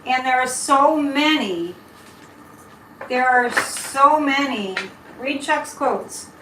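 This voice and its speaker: Slow and expressive, with a high-sitting voice, a middle-aged psychic livestream host chats about viewer comments and wanders off topic during a casual live tarot reading. The audio carries background noise and a roomy echo.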